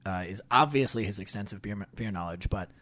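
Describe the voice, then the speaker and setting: A man's voice: on the low side, a little fast, a bit bright, a little hiss or hum. A man hosting a podcast, chatting casually and explaining things at length during a beer tasting. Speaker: podcast host.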